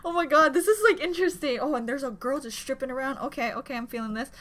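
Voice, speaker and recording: A woman hosting a casual reaction video, gushing excitedly with gasps and squeals. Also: high-pitched, fast. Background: faint music from the video being watched.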